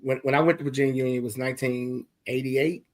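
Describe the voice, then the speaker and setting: An older man who is dean of a theology school, telling stories to graduating students in an emphatic, animated and humorous way. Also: mid-range voice, quick pace. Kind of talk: conversational remarks to graduates.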